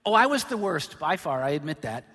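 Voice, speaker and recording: A middle-aged male pastor preaching a sermon, joking about himself and then hitting points with sudden loud emphasis. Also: fairly high pitch, big pitch swings, a little fast. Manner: humorous, self-deprecating storytelling with sudden loud emphasis. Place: large church hall. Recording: long hall reverb.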